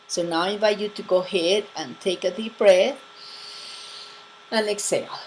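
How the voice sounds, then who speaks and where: Woman coach leading a guided meditation; slow, soft-spoken, restarts phrases often. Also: fairly low pitch, a little hiss or hum, low-quality recording. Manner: gentle, unhurried, repeats words while searching for them. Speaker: spiritual life coach. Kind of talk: guided affirmation and meditation talk.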